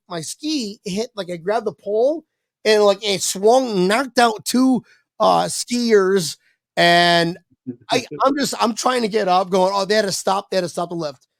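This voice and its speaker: A man with a gravelly, creaky voice tells a casual story on a podcast. He swears freely and jumps into other people's voices as he goes. The sound is close and dry, with no room echo. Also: sits high. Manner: animated, swearing, acts out quoted voices. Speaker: podcast guest.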